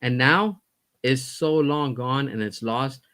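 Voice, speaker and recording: A man's voice: mid-range voice, slow pace, a bit bright, smooth. A man hosting his own commentary stream, ranting in a heated, blunt way. He swears, repeats himself for emphasis and sounds fed up. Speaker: commentary host. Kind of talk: heated opinion rant.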